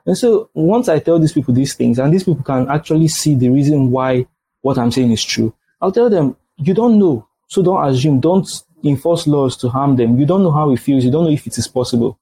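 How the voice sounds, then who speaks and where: A man's voice: fairly high pitch, animated, brisk, mellow, rough recording. A man with a Nigerian accent, a guest in a casual podcast chat, earnest and repeating phrases as he argues.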